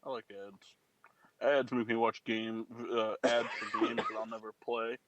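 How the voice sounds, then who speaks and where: A man's voice: fairly low pitch, little pitch movement, normal speed, crowd noise. A man hosting a casual quiz game on a live radio stream, teasing and joking with his co-hosts. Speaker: podcast host running a quiz game.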